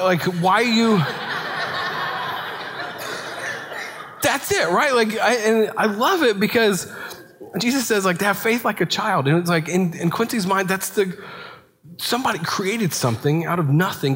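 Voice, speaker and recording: A man in his thirties preaching a sermon in a relaxed, conversational way, full of asides and rhetorical "right?" checks. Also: sits high, normal speed, slight background noise. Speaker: pastor. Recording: long hall reverb.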